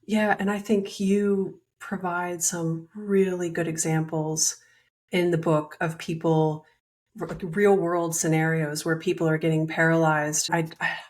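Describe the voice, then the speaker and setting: A woman's voice: fairly low pitch, level tone, measured pace. A woman hosting a podcast interview, chatting in a friendly, conversational way. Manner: friendly, conversational, laughs easily. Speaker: podcast host.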